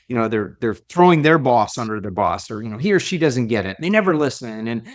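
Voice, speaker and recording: A man who works as a leadership coach, speaking as a podcast guest. He tells stories in an animated way and often repeats and restarts his words. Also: mid-range voice, brisk. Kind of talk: conversational interview storytelling.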